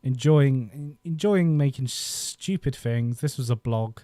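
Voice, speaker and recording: A man's voice: medium pitch, a little slow, warm tone, no room sound, clean studio sound. A man in his thirties chatting casually on a live stream, rambling and nostalgic, often laughing as he talks into a desk microphone. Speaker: YouTube host.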